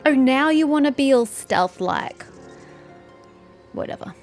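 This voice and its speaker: With a sore throat, a woman gamer talks sarcastically and chattily as she plays, teasing the characters in her let's-play commentary. Her voice is high, expressive, and unhurried. Faint game music plays behind her.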